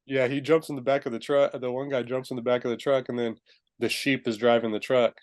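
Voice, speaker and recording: A man co-hosting a casual film review chat, laughing often and acting out movie lines in quick high voices. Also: flat delivery. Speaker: podcast co-host.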